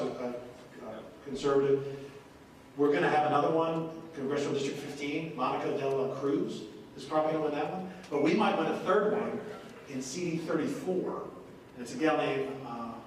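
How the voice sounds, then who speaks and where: A man's voice: fairly high pitch, a little hiss or hum. Folksy man speaking in an echoey hall. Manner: folksy storyteller, animated, mimics others. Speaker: congressman speaking at a town hall. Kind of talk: political stump speech with anecdotes. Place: large echoey courthouse hall. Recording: echoey hall recorded from a distance.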